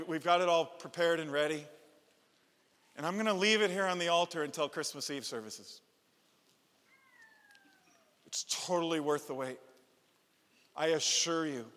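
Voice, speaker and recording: Middle-aged pastor preaching in a reverberant church. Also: male voice, a little high. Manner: animated storytelling with playful asides. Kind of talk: sermon. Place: church sanctuary.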